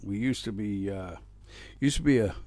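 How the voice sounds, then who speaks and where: Streaming live from home, this middle-aged Manchester-area singer-songwriter rambles between songs in a Northern English accent, full of blunt humor, fillers and restarts. His voice sits on the low side with a dark tone and moderate pace, and there's no echo.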